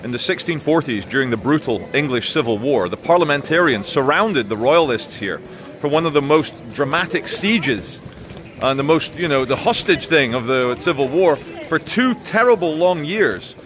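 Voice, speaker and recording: A man's voice: a little high, lively intonation, normal speed, fairly bright tone. A man hosting a walking tour of a city, outdoors, with sarcastic, crude jokes. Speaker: vlogger host. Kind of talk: casual walking tour commentary.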